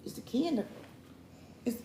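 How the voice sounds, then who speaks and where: A woman co-hosting a couples show tells viewers a story at a moderate pace, casual and animated, acting out every line of dialogue. The recording sounds roomy with faint background noise.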